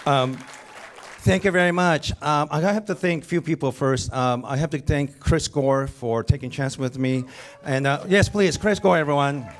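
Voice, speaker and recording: A comedian with a goofy, slightly high voice hosts an awards show from a cinema stage. He rambles nervously and pokes fun at himself between bits. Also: normal speed, a faint crowd, a little hiss or hum. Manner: nervous, rambling, self-deprecating. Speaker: comedian host. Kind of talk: live stand-up hosting. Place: cinema stage before a live audience.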